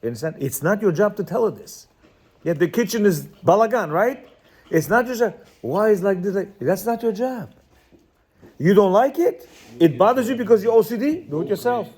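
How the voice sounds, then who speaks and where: A man teaches a room of men in a loose, spoken lecture. His voice sits a bit high and he leans hard on his points, circling back and checking they understand. He acts out little quoted lines along the way. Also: normal speed, slightly rough. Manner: repetitive, keeps asking "you understand?"; emphatic, lively, acts out quotes. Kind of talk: informal lecture to a class.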